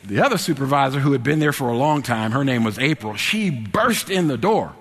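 A man telling a personal anecdote to an audience. He is animated, dropping to low mumbles and rising to loud, excited exclamations. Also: brisk, few pauses. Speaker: storyteller. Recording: long hall reverb.

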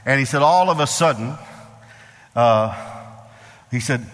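Emphatic preacher in a reverberant hall. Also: male voice, mid-range voice, animated, a little slow, a bit bright. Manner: emphatic, repetitive preaching with call-and-response asides. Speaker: pastor. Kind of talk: sermon.

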